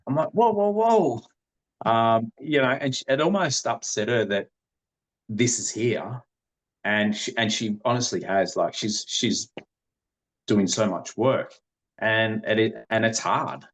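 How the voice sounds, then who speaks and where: Earnest rambling man, low voice. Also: measured pace, a bit bright. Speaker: podcast guest. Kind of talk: conversational interview.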